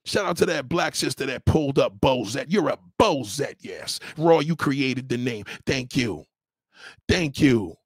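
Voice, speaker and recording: A man's voice: medium pitch, expressive, measured pace, slightly rough, no echo, studio quality. A man hosting a livestream, scolding a viewer in a heated, repetitive rant. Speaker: livestream host. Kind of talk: ranting commentary.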